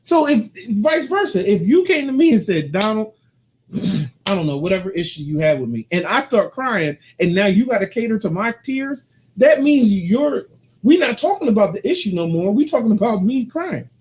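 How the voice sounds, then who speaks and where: A man co-hosting a casual couple's talk show, arguing his side with animated, teasing energy and acting out what others say. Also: sits high, normal speed, a little hiss or hum. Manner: animated, argumentative and teasing, quoting people in changed voices. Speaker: co-host.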